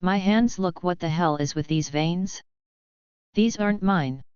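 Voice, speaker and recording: A woman reading the lines of a hot-headed young male gangster in a storybook audiobook, loud and demanding. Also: lowish voice, a little slow, smooth, dry recording, lo-fi sound, natural voice. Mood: panicked.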